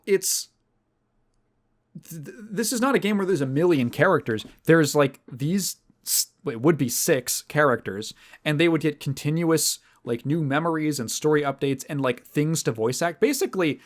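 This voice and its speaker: A man hosting a podcast, telling a story in a casual, rambling and animated way. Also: on the high side, moderate pace. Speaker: podcast host. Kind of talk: casual chat.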